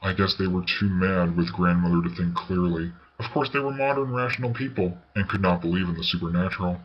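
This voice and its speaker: A man reading a ghost story aloud as narrator, in a measured, unhurried way. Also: low-pitched, breathy edge. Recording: slightly dull recording with faint hiss.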